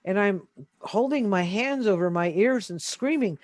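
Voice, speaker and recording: A man being interviewed, telling a story in a casual, animated way with many fillers. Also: sits high, unhurried, no room sound. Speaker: interview guest.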